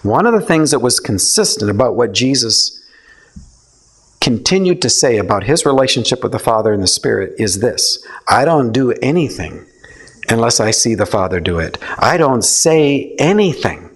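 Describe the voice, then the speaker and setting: A man's voice: medium pitch, big pitch swings, moderate pace, husky. A man speaking to a live audience in a casual, conversational way, often checking in with listeners and acting out quoted lines. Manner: conversational, asks the audience questions, acts out quotes. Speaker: speaker teaching a theology session. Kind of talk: informal talk to a live audience.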